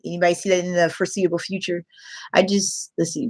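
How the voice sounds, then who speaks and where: A woman's voice: on the low side, flat delivery, fast talker. A young adult woman, an online English teacher, chatting casually on a livestream, reading out viewer comments and laughing often.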